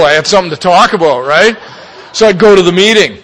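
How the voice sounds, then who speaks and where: A man's voice: sits high, lively intonation, fast talker, fairly bright tone. A middle-aged man, giving a candid, profane personal recovery talk with folksy tag questions. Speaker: speaker at a recovery meeting. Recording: long reverb of a meeting hall.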